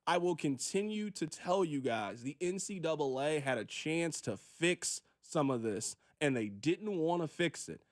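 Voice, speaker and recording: A man with a fairly high voice holds forth on a sports radio show, recorded on a studio microphone. He talks in an emphatic, preachy way, repeating his points, and now and then acts out a quick voice to make them. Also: animated. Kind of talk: opinionated sports radio monologue.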